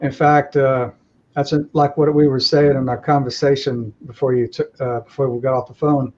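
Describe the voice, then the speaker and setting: Male guest on a call, mellow tone, rambling casual talk, dull lo-fi audio. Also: medium pitch, little pitch movement, normal speed, a little hiss or hum. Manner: rambling, reflective, lots of "you know". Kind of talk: casual conversation.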